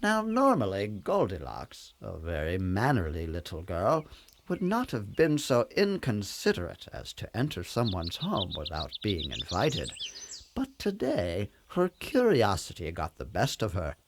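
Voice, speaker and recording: A man narrating a children's story in an expressive, sing-song storyteller manner. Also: on the low side, a little slow, no echo.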